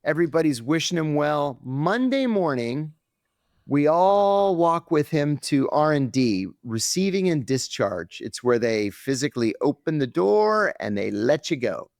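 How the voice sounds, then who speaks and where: A middle-aged man, a podcast guest, telling a story with lively acted-out quotes on a close mic. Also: on the high side, unhurried, no room sound.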